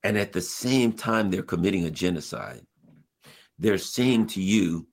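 A man hosting a radio talk show, ranting with passion and sarcasm through political commentary and an on-air fundraising pitch. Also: measured pace.

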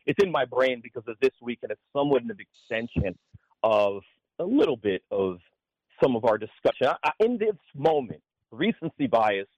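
A man co-hosting a talk radio show, giving animated, opinionated analysis of sports and politics. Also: mid-range voice, dry recording, low-quality recording.

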